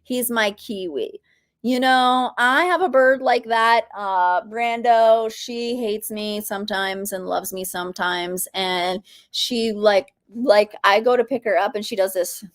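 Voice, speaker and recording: A livestream host with a medium-pitched voice takes her time as she leads an informal live Q&A. Between reading viewers' comments out loud and chatting freely, she coos at her pet bird.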